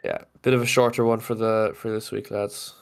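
A man's voice: lowish voice, level tone, moderate pace, creaky. A man co-hosting a podcast in casual chat, sick with a cough, dry and laid-back. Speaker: podcast co-host.

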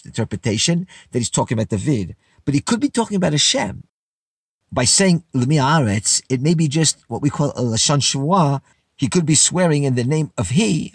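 A man's voice: medium pitch, breathy edge, no room sound, studio quality. A man teaching a Bible lesson verse by verse in a casual, explanatory way, reading Hebrew phrases and translating them into English.

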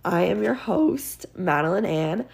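A woman's voice: medium pitch, animated, a little slow, vocal fry, a little mellow, a little hiss or hum. A teenage girl hosting her own podcast, sick and congested, ranting casually with sarcastic exasperation and plenty of "like". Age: teens. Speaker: podcast host.

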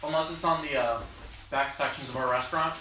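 A man's voice: medium pitch, fairly even intonation, fast talker. A young man chatting as a guest, telling his story in lists with fillers. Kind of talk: casual chat. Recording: roomy, distant mic with clear background noise.

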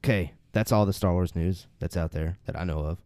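A man's voice: sits low, a little fast, no room sound. A man hosting a casual podcast chat, laughing often as he runs a trivia quiz. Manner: laughs often, lively quizmaster. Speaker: podcast host.

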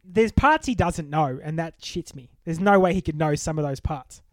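High-voiced, blunt, swearing podcast man. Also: expressive, moderate pace, no room sound, studio quality. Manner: blunt, swears freely, sarcastic rants. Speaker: podcast co-host. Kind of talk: casual movie-review chat.

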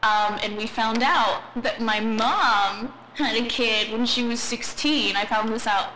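Slow, hesitant woman in her twenties. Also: a little high. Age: 20s. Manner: hesitant, lots of ums, giggly. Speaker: podcast co-host. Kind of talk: casual podcast chat. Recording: noisy home recording.

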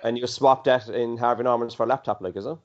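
A man's voice: mid-range voice, steady tone, muffled recording. A man with an Irish accent co-hosting a podcast in casual, teasing banter. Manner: rapid, teasing, dry. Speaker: podcast co-host.

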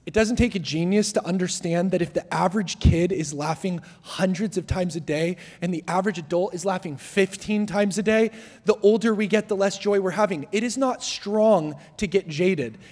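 A young man preaching as a guest speaker, telling jokes and stories in a lively, self-deprecating way. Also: high voice, moderate pace. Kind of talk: sermon. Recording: long hall reverb.

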